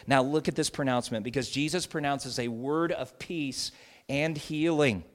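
A middle-aged man preaching an expository sermon with a voice pitched a little high. He sinks into hushed, tender passages, then climbs to loud, emphatic peaks, and his pace speeds up and slows down within the same sermon. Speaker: pastor.

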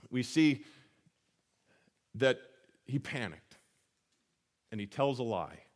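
A man's voice: medium pitch, animated, a little slow, pauses often. A man preaching a sermon in a conversational teaching manner, asking rhetorical questions and correcting himself as he goes. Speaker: pastor.

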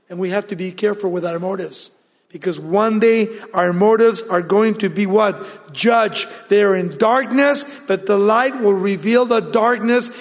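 Guy preaching a sermon, kinda high voice, lots of question-and-answer, big hall echo. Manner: emphatic preaching, rhetorical questions answered aloud. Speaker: pastor.

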